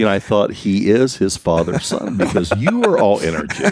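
A man's voice: on the low side, very animated, normal speed, a little mellow, no echo. An older man telling family stories in a casual, teasing way with frequent chuckles. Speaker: guest, father of the host. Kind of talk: casual storytelling. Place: studio.

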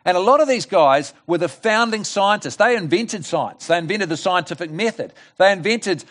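A man preaching a lively, conversational sermon at a church service, often asking the congregation questions. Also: high-pitched, moderate pace. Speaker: guest preacher.

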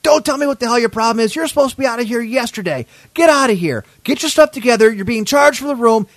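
A man voicing an older woman who runs hotel housekeeping, bossy and furious, shouting and scolding. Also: very high-pitched, animated, very fast, creaky, no room sound, pitched above the performer's own voice, heavily acted.

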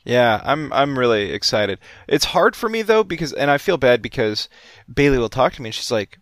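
Animated young man, dry close sound. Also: medium pitch, brisk, few pauses, no echo. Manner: animated, swears, acts out quoted lines. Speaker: podcast co-host. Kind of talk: casual chat.

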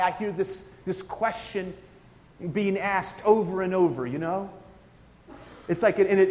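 A man's voice: sits high, in a large hall, a little hiss or hum. A man preaching a sermon, explaining scripture with frequent asides and questions to his congregation. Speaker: pastor.

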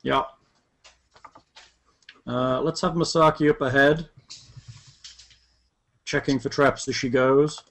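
A man, playing in a tabletop game, chatting in an amused, halting way with many restarts. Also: mid-range voice, fairly even intonation, a bit bright. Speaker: player. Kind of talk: casual tabletop game play.

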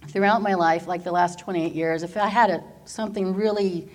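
A middle-aged woman from Orange County, California, giving a personal faith testimony as an animated storyteller who laughs often. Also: on the low side, brisk. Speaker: teacher and church worker.

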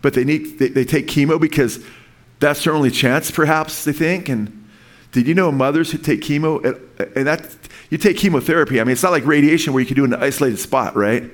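A man's voice: a little high, a little fast. A man preaching a sermon in an earnest, rambling way, with frequent restarts and asides to his listeners. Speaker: pastor.

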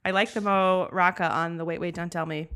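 A woman's voice: fairly low pitch, steady tone, fairly quick, a bit bright, a little hiss or hum. A woman co-hosting a podcast in casual chat, chatty and enthusiastic, often trailing off mid-sentence. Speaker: podcast co-host.

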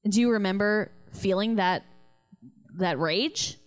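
A woman's voice: mid-range voice, takes it slowly, faint music behind. A woman hosting a live comedy podcast, asking curious, prompting questions of her guest. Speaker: podcast host. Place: small live venue.

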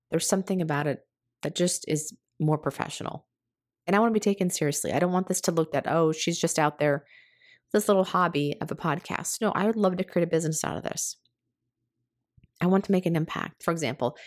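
A woman hosting her own podcast, talking in a chatty, self-reflective way with quick asides. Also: lowish voice, no room sound, studio quality. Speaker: podcast host.

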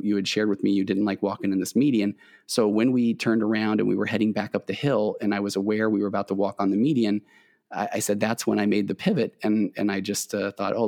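A man's voice: on the low side, darkish tone. A middle-aged man, a therapist, earnestly telling a personal story and acting out the dialogue between himself and his wife. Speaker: therapist and host. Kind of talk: conversational storytelling.

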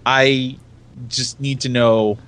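A man's voice: medium pitch, little pitch movement, a bit bright, a little hiss or hum. American guy, podcast host, playful teasing banter, casual chat. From United States. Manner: jokey, teasing, quick asides.

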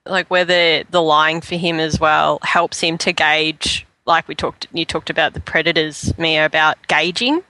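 A man's voice: on the high side, flat delivery, a little slow, hardly any pauses, sharp tone, no echo, low-quality recording. A man on a casual podcast chat, musing and asking questions. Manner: inquisitive, musing.

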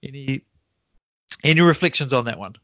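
A man running a relaxed podcast debrief for his tabletop group. He rambles, restarts his sentences and chuckles as he recalls old sessions. The sound is dry and a little dull. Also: medium pitch, moderate pace, dry recording. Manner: rambling, self-correcting, chuckling. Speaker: game master and podcast host. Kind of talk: casual podcast debrief chat.

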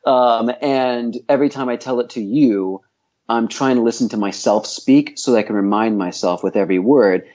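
A man's voice: medium pitch, moderate pace, a little mellow, dull audio. A man working as a voice coach and acting teacher, speaking in a podcast interview in a reflective, opinionated way, thinking aloud with frequent restarts.

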